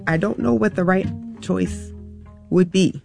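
A woman being interviewed, telling a painful personal story in a halting, emotional way with many pauses. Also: on the low side, vocal fry, over loud music. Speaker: guest.

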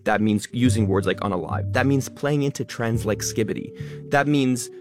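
A man who talks fast and stresses many words, speaking as a guest in an interview. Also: medium pitch, over music. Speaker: guest, online content creator. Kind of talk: interview conversation.

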